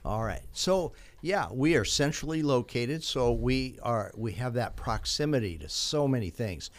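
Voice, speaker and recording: A man's voice: mid-range voice, lively intonation, a little slow. A man hosting a radio show, easygoing and jokey, telling little anecdotes in a casual interview.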